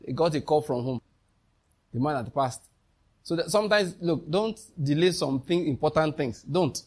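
A man preaches a sermon, fairly high in pitch. He is emphatic and keeps throwing questions out to the congregation. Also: normal speed, darkish tone, breathy edge. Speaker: pastor.

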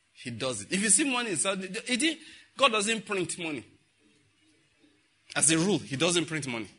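A man's voice: on the high side, bright, forceful tone, slightly rough. A man preaching a sermon, telling stories and acting out the dialogue. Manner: storytelling, acting out dialogue, frequent laughter.

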